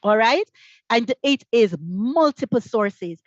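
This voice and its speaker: Lively Jamaican woman leading teacher training. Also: fairly high pitch, takes it slowly, no room sound, highs cut off. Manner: energetic, asks many rhetorical questions. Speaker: workshop facilitator.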